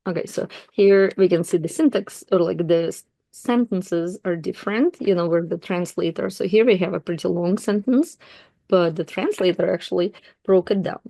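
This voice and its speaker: Russian-speaking woman, language tutor, low mellow voice, dry close recording, relaxed and unscripted. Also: normal speed, vocal fry, no echo. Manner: relaxed, thinking aloud with fillers and self-corrections. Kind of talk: explaining a text while reading aloud.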